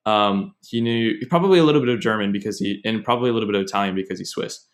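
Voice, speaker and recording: A young man with a slightly low-pitched voice chatting on a podcast. He rambles from one story to the next in a relaxed, digressive way. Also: very fast. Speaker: podcast host. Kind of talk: casual chat.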